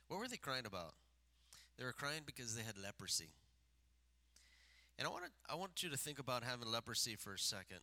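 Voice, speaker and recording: A man's voice: mid-range voice, animated, normal speed, sharp tone. A man preaching a sermon, moving between rising emphatic passages and casual asides to the congregation, often asking them questions. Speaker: pastor.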